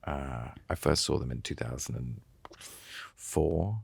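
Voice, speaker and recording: A man's voice: very deep voice, takes it slowly, gravelly, darkish tone, husky, no echo. A man in his thirties, a podcast guest, chatting casually and rambling through fillers and restarts. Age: 30s. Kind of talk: casual chat.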